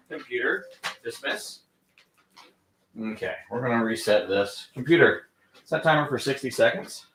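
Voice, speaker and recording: A man training a dog on camera, gently encouraging it and explaining each step. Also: mid-range voice, moderate pace, distant mic. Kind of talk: live training demonstration with explanation. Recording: echoey room, off-mic, faint noise.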